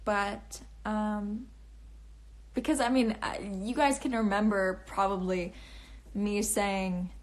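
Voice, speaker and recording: A woman's voice: mid-range voice, steady tone, takes it slowly. A young woman casually chatting on a phone livestream, answering comments in a bubbly, rambling way with lots of restarts and laughs. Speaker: livestream host and author. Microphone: phone camera.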